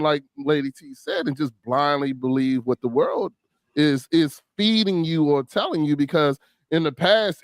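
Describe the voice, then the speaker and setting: A man in his forties chatting casually, telling stories with lively acted-out quotes. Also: a little high, no room sound. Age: 40s. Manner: animated storytelling, acting out quotes. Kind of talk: casual chat.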